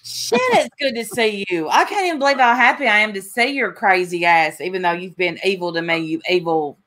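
A woman hosting a casual livestream chat, excitably greeting viewers by name. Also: medium pitch, brisk. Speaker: livestream host.

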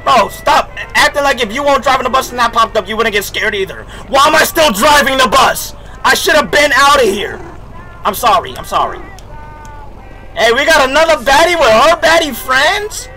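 A young man streaming a game, talking loudly and excitedly in jokey slang, swearing often and reacting out loud. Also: very high voice, a little fast, a faint crowd, a little hiss or hum. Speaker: gaming streamer. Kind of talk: live gameplay commentary.

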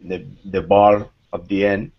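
A man taking part in an English class on a video call, speaking halting, non-native English with many pauses. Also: low voice, little pitch movement. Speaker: language student. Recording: dull lo-fi video call audio.

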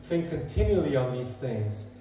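A man's voice: medium pitch, big pitch swings, normal speed, dark tone, slight background noise. A male pastor giving a sermon, earnest and conversational, building emphasis as he quotes scripture. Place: church sanctuary. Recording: echoey hall, voice from far off.

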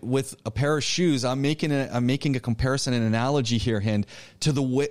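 A man teaching an online public speaking class, lecturing in an animated, coaching way with frequent restarts. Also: medium pitch. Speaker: college public speaking instructor.

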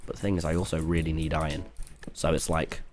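A man's voice: a bass voice, flat delivery, fast talker, darkish tone, soft background music. A young man streaming a game, talking in a chaotic, cheeky way, swearing freely and often laughing. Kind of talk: casual gaming livestream commentary.

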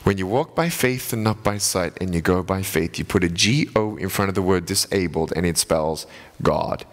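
A man, giving an animated, playful motivational sermon to a college chapel crowd. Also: sits low, normal speed. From Australia. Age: 30s. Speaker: guest chapel speaker. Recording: echoey hall.

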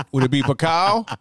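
A man's voice: on the high side, heavy background noise. A man hosting a podcast who teases his co-host in casual, playful banter. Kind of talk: casual chat.

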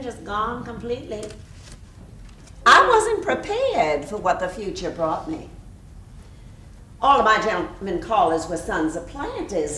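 Brief: actress as gushing Southern-accented mother, middle-aged, lively pitch, heard distant in an echoey theater with hiss. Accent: American Southern. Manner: chattering, flirtatious, fluttery with little laughs. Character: faded Southern belle mother, fussy and gushing. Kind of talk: stage play performance. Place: theater stage. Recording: roomy stage audio from far off with hiss.

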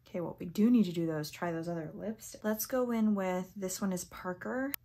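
A young woman reviewing makeup on camera, chatty and easily excited, sometimes reading product text aloud and tripping over words. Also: on the low side, a little fast. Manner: chatty and excitable, gasping at swatches. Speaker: beauty vlogger. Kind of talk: casual first-impressions makeup review.

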